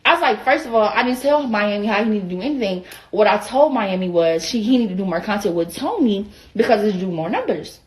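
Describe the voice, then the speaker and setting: A woman's voice: medium pitch, lively intonation, fairly quick, hardly any pauses. A young woman with an Atlanta Southern accent telling a casual, profane storytime rant, acting out the other people's lines in quoted voices. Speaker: vlogger.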